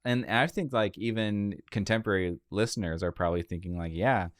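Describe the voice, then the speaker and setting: A laid-back man co-hosting a casual podcast chat, with a very low, deep voice. He talks in a thoughtful way. The recording is dry and close-miked. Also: fairly quick, no room sound. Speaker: podcast co-host.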